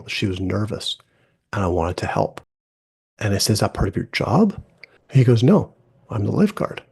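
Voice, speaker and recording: A man's voice: fairly low pitch, vocal fry, darkish tone, breathy edge. A middle-aged man, a podcast host, telling a personal story in a casual, conversational way and acting out quoted dialogue.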